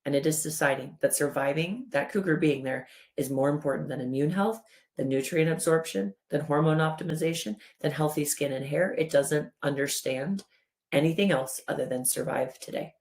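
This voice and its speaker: A woman in her thirties giving a lively explanatory talk as a wellness educator, walking through a chart and acting out the body's voice in quotes. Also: low-pitched, normal speed. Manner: animated, acts out the body's inner voice in quotes.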